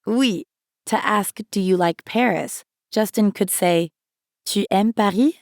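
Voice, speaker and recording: Slow, clear-speaking female teacher. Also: medium pitch, no echo, studio quality. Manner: slow, clear pronunciation for learners. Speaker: language teacher. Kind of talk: scripted lesson narration.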